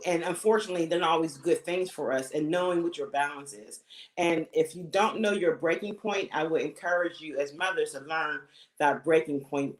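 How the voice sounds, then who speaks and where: A middle-aged woman on a panel of mothers, giving earnest advice in casual talk and often saying "you know". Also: low-pitched. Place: home, video call. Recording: echoey room.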